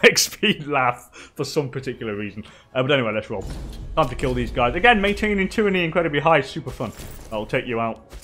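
A man's voice: mid-range voice, a bit bright. Chatty English man streaming a game. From England. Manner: chatty, laughs often, talks to chat. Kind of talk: live gameplay commentary.

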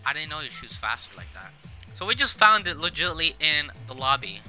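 A young man giving casual, excitable gameplay commentary on his own video, swearing often and jumping between loud outbursts and quiet mumbles. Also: on the high side, a little fast, soft background music. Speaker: gaming video creator. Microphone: camera on face while playing.

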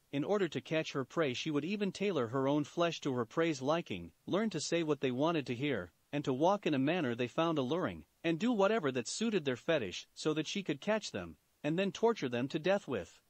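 A man narrating a fan fiction story in an animated storytelling manner. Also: fairly high pitch, no room sound. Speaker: story reader.

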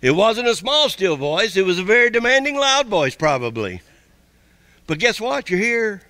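A man preaching a sermon as pastor, folksy and repetitive, with quick asides to the congregation. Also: sits high, sing-song, pushed and bright, dry recording.

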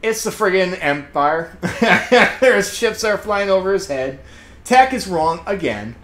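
A man giving a casual, rambling spoken review, excitable and laughing often, with many fillers. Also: high-pitched, slow, echoey room. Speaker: comedian reviewing a TV episode.

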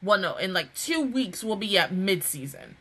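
A woman hosting an anime reaction and review video, chatting in a rambling, animated way, correcting herself and swearing casually. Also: medium pitch, moderate pace, breathy edge.

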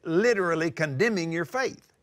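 An older man preaching a sermon, emphatic and drawing out scripture quotes slowly. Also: on the high side, a bit bright. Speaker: televangelist preacher. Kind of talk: sermon-style teaching.

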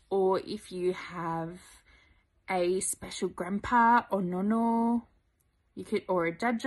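A woman, talking slowly and gently to young children in simple words. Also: fairly high pitch. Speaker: presenter of a children's lesson.

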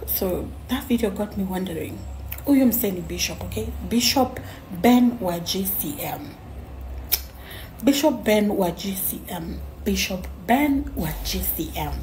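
A young woman talks straight to her camera about a hurtful video, expressive and indignant. She drops now and then into hushed asides. Faint hiss sits under her voice. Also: medium pitch, moderate pace, rough recording. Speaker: influencer. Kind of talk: emotional selfie video.

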